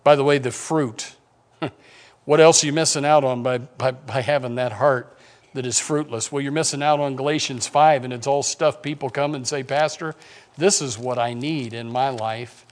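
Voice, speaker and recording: A man's voice: mid-range voice, fairly even intonation, normal speed. A man preaching a conversational sermon as pastor, with repeated restarts and joking asides.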